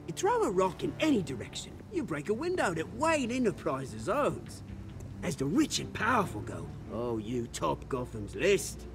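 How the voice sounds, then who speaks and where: A gravelly crime boss. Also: male voice, a little high. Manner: menacing, theatrical, swings between loud and hushed. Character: scheming male crime boss with British accent. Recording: game audio with music underneath.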